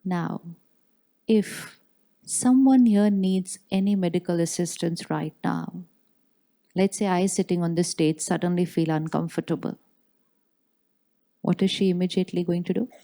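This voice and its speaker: A woman gives a spiritual talk in a large hall. Her voice sits low and mellow, and she moves through slow, calm affirmations with deliberate pauses. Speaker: spiritual teacher. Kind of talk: spiritual talk to a live audience.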